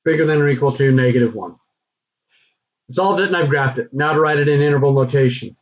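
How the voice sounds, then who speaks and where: A man teaching a recorded math lesson, talking through the steps in a relaxed, conversational way with frequent fillers. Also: mid-range voice, fairly quick, slight background noise. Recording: dull lo-fi recording.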